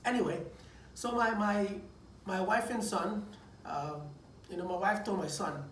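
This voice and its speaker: A man, a preacher, giving a personal testimony in a lively storytelling manner, stumbling over restarts and repeating words as he goes. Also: sits high, a little slow. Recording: echoey room, distant mic, faint noise.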